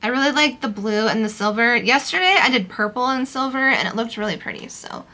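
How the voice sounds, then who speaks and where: A young woman talks her way through a makeup routine in a relaxed, rambling way, full of little fillers. Her voice sits a bit high and sounds bright and forward. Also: brisk. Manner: chatty, loose, many fillers like "um" and "like". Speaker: beauty vlogger. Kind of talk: casual makeup tutorial chat.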